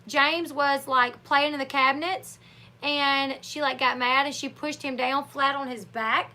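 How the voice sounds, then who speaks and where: Bright-voiced chatty woman with a twang. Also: high-pitched, a little slow. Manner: chatty, opinionated, acts out quotes in animated voices. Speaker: livestream host. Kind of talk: casual live chat commentary.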